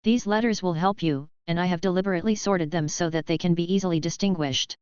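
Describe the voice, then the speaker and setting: A woman voicing an elderly male headmaster wizard, speaking calmly, politely and in a measured way. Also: on the low side, clean tone, dry recording, muffled recording, lightly acted. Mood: calm, gentle.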